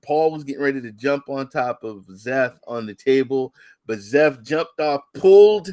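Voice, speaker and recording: A man co-hosting a casual sports talk stream, telling stories with animated, drawn-out emphasis. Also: medium pitch, no echo, studio quality. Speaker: co-host.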